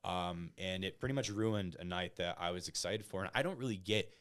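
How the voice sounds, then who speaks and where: A low-pitched man recounts personal stories as a podcast guest in a loose, chatty way. His voice is smooth and resonant, and he keeps checking in with "right?" as he talks. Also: fairly quick, a bit bright. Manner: conversational, peppers stories with "like" and "right?". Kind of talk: casual interview storytelling.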